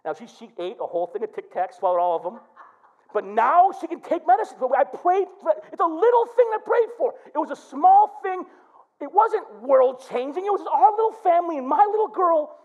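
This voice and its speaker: A man's voice: very high-pitched, moderate pace, muffled recording. A middle-aged male pastor preaching a sermon, telling stories and acting out prayers. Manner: animated preaching with quoted prayers.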